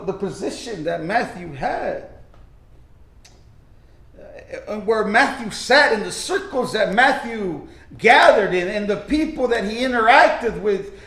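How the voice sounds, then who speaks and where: A man's voice: sits high, a bit bright. A male pastor preaching a sermon with fervor, often restarting his sentences and acting out quoted lines. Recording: echoey room.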